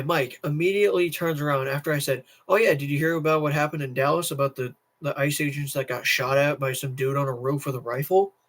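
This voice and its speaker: A tired teenage boy delivers a casual political rant to camera on his stream, rambling restlessly. He keeps circling back, restarting sentences and repeating himself, and his voice is a bit high for a young man.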